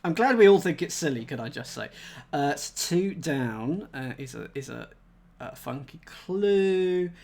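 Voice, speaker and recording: A man's voice: mid-range voice, vocal fry, darkish tone. A man thinking aloud as he solves a cryptic crossword live, chatting with viewers and laughing at himself. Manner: chatty, reads chat aloud, self-mocking laughs.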